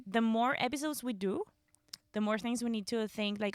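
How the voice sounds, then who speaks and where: A woman with a somewhat high voice chats and giggles through casual podcast banter. Her voice is close and dry on the mic, with no room echo behind it. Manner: chatty, giggly, quick to laugh. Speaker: podcast co-host, comedian.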